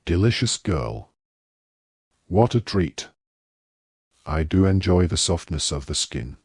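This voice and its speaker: An adult man voicing a savage, gloating male werewolf with a rasping voice. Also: low voice, sing-song, slow pace, darkish tone, no room sound, clean studio sound, full character voice. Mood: gloating menace. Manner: gloating, snarling.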